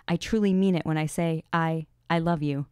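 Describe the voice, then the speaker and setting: A woman's voice: low voice, fairly even intonation, normal speed, a little mellow, smooth, no echo, clean studio sound, natural voice. A woman reading aloud the lines of a timid, earnest young noblewoman from fan fiction.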